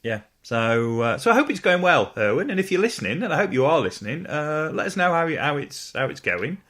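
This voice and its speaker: A man hosting a podcast, chatting casually but stumbling and restarting as he hunts for words. His voice is bright and forward, pitched a little high. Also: very animated, brisk. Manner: hesitant, stumbling, lots of fillers. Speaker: podcast host.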